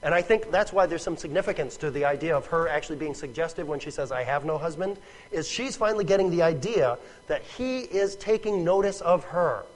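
A man's voice: on the high side, poor audio. A man preaching a sermon in a conversational, emphatic way, often repeating words and checking with "right?".

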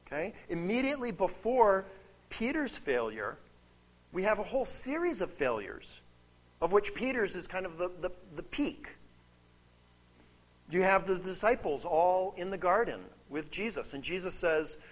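Animated conversational male preacher. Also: high-pitched, normal speed. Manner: animated, conversational, frequent "right?" asides. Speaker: pastor. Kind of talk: sermon.

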